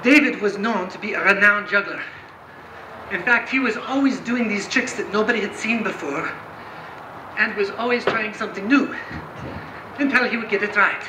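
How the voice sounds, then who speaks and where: A man telling a comic story live while juggling, animated and chatty with the audience. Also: high-pitched, normal speed, long pauses, background noise. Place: live performance room. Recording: echoey room.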